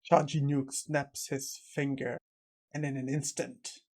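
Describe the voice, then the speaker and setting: Slow monotone man narrating a recap. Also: medium pitch.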